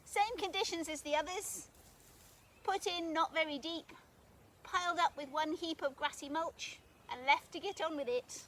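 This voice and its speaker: High-voiced woman chatting in a garden. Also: normal speed, a bit bright, slight background noise. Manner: chatty, thinking aloud, cheerful. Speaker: gardening vlogger. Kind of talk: casual narration while digging. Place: garden outdoors.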